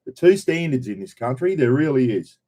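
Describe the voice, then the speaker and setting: A man's voice: medium pitch, very animated, brisk, mellow. An older man with an Australian accent hosting a casual live stream, greeting viewers by name in a chatty, blunt way and swearing freely.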